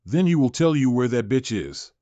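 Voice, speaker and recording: A man's voice: medium pitch, big pitch swings, normal speed, mellow, dry recording, muffled recording, lightly acted. A man reading as an arrogant mocking clan bully. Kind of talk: manhwa recap reading.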